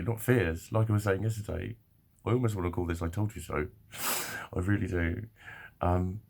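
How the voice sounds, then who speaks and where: A man telling a rambling personal story to camera, swearing often and laughing as he goes. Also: deep voice. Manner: swears freely, laughs often, animated retelling. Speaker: vlogger. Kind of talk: casual storytelling monologue.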